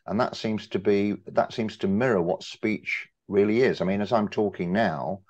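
A very deep-voiced older man makes his point from the audience, animated and emphatic as he builds up to a long question. The audio is dull and muffled, with a lo-fi feel. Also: normal speed. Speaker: audience member asking a question. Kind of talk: discussion after a talk.

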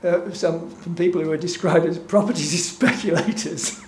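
With a slightly high, darkish voice at normal speed, a guest speaker chats informally through his slides at a gallery event. He stumbles over fillers and hesitations but keeps a wry, chuckling tone. It's recorded in an echoey room with a low background hum.

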